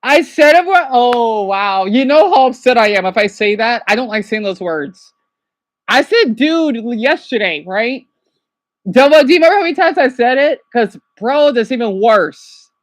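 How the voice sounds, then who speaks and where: A man rants through a casual livestream reaction. His voice sits high and swoops up and down, from low grumbles to sudden yells off to the side. The sound is close and dry. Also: animated, moderate pace, no echo. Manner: agitated, rambling, swings from quiet mutters to loud outbursts; shouts at someone off to the side.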